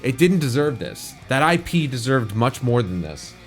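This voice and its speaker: A man's voice: mid-range voice, sing-song, moderate pace, faint music behind. A young man hosting a reaction video, talking through his thoughts in a rambling, candid way with frequent restarts. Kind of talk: casual spoken reaction commentary.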